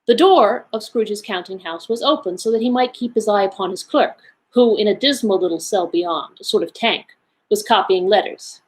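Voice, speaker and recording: A woman's voice: mid-range voice, moderate pace, rough recording. Woman reading a classic story aloud. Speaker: library associate reading aloud.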